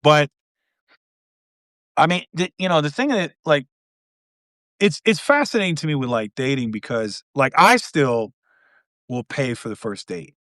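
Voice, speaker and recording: A man's voice: fairly high pitch, lively intonation, a little slow, long pauses, fairly bright tone, dry recording, clean studio sound. A man hosting a podcast, talking in a laid-back, rambling way with lots of restarts. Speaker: podcast host. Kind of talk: casual conversation.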